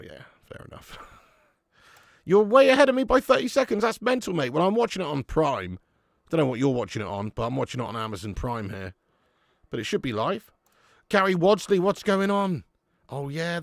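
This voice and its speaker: Very animated and fairly quick, this young man's fairly high voice carries vocal fry in studio-quality sound with no room noise. He's hosting a live football watch-along, laughing a lot, swearing freely and chatting casually over viewer comments.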